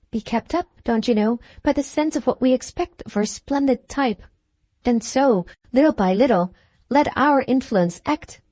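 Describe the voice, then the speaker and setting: A poised, shrewd Victorian society hostess, as a woman reader gives her voice, speaking in a rather high, mellow tone. Her phrasing is measured and knowing, often drawn out. The sound is dry and close. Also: no echo.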